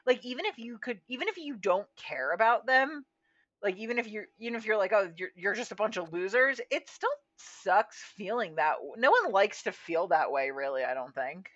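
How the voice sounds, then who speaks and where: A woman's voice: mid-range voice, sing-song, normal speed, a bit bright. Wry woman podcaster, slightly muffled. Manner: easygoing, wry, sarcastic asides. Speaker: podcast co-host. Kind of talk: casual chat recapping a reality show. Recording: slightly dull lo-fi audio.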